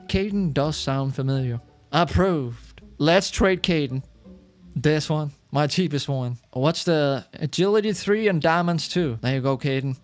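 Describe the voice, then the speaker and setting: A chatty man gives excitable gameplay commentary as a gaming YouTuber. His voice sits on the high side and swings widely in pitch. Faint music plays behind him. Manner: excitable, chatty, laughs often.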